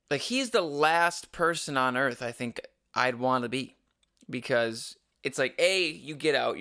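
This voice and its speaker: A man's voice: medium pitch, creaky, pushed and bright. A young adult man hosting a casual solo podcast, rambling and opinionated with frequent restarts. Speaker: podcast host.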